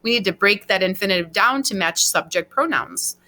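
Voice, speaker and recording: Bright-voiced woman teaching a Spanish lesson. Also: mid-range voice, expressive, brisk. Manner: patient, explains step by step, spells out verb endings letter by letter. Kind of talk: recorded class lecture.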